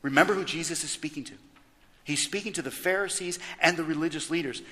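A man preaching a lively sermon, emphatic and full of rhetorical questions. His voice sits high and rings bright. The sound carries the long reverb of a church sanctuary. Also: fast talker. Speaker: pastor.

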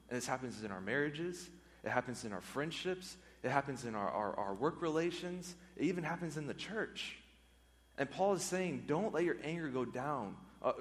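Man preaching in a reverberant hall. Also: medium pitch. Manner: earnest, repeats words and phrases for emphasis. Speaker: pastor. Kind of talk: sermon.

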